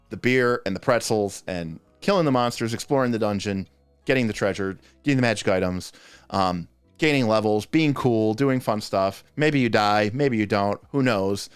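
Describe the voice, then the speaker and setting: A man with a lowish voice hosts a casual livestream, rambling along and often breaking off mid-thought. His voice sounds dry and close to the mic, with faint music playing behind him. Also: clean tone, dry recording. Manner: rambling, chatty, self-interrupting. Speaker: host answering game master questions.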